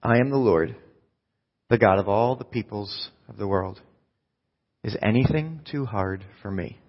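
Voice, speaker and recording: A man's voice: on the low side, a little slow. A male pastor preaching a sermon in a casual, conversational, self-deprecating way. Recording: dull echoey hall sound.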